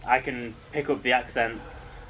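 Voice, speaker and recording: A man's voice: mid-range voice, fairly even intonation, a little slow, fairly bright tone, slight background noise, rough recording. An English man giving rambling, casual commentary while streaming a video game, swearing now and then. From England.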